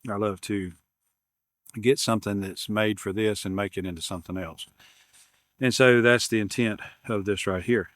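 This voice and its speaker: A man's voice: fairly low pitch, fairly even intonation, moderate pace, fairly bright tone, dry recording, studio quality. A man, rambling casually as he unboxes gear at his workshop bench. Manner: rambling, repeats words, self-deprecating humor. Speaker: YouTube maker unboxing camera gear.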